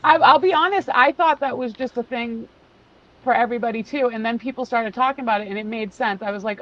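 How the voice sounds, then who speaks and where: A woman's voice: on the high side, fast, fairly bright tone. Chatty woman hosting a lo-fi livestream. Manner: chatty, laughs often, talks to chat readers. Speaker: livestream host. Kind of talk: casual livestream chat. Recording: dull lo-fi stream audio.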